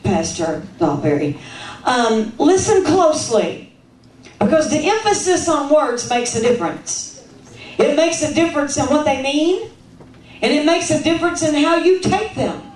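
A woman with a Kentucky accent preaches a sermon, her voice pitched high as she teases and questions the congregation with lots of emphasis. She is heard from a distance in a roomy, echoing church. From Kentucky, USA. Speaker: guest preacher. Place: church sanctuary.

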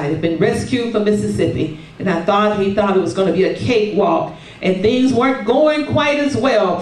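A woman preaching a sermon, calling for responses and filling her pauses with hallelujahs and amens. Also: medium pitch, a little mellow. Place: church sanctuary. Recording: roomy, distant sound from across a sanctuary.

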